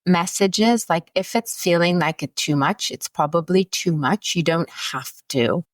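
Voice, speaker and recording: Podcast guest: a woman psychologist, lower pitch, candid storyteller, dry studio sound. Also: unhurried, no room sound. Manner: candid, anecdotal, laughs often. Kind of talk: conversational podcast interview.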